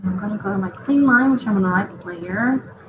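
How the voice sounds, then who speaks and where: A woman's voice: medium pitch, a little fast. A woman chatting casually as she draws on a live stream, rambling and often laughing at herself. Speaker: artist streaming a drawing session. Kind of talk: casual chat while drawing. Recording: lo-fi with clear background noise.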